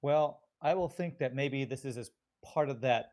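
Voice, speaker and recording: A man's voice: mid-range voice, normal speed, a little mellow. A man playing a tabletop game, talking casually and often trailing off mid-sentence. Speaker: player.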